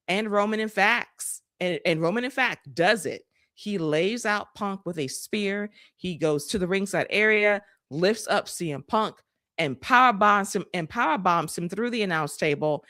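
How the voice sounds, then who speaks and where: A woman co-hosting a podcast, running through the night's wrestling with sarcastic, animated commentary. She talks in a middle register, and the sound is dry and close to the mic. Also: medium pitch, dry recording. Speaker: podcast co-host.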